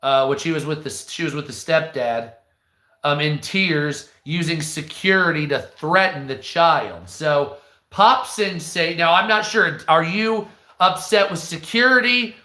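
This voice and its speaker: A blunt American man rants on a live stream, swearing freely and answering his chat as he goes. His voice sits a bit high and sounds bright. The room around him has a clear echo. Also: unhurried. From United States. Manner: blunt, profane, talks back to chat. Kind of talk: casual ranting commentary. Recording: echoey room.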